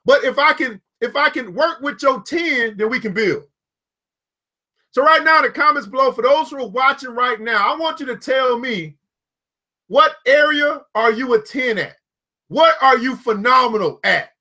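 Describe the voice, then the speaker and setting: A high-pitched man gives a live motivational talk. He is preachy and repetitive and keeps calling out viewers by name. His tone is bright and forceful. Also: expressive, normal speed. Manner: preachy, repetitive, calls out viewers by name, laughs at own jokes. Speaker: founder giving a motivational talk.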